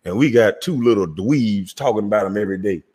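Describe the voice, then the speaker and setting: Husky animated man ranting with a Southern twang. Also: fairly low pitch, brisk, long reverb tail. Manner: loud, animated, laughing, heavy cursing. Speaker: show host. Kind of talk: casual profane rant.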